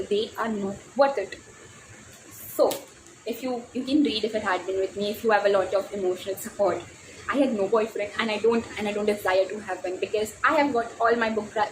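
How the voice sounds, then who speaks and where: A teenage girl from India with an Indian English accent, gushing excitedly about romance novels in a casual book vlog, often restarting her sentences. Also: medium pitch, slight background noise, rough recording. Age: teens. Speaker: book vlogger.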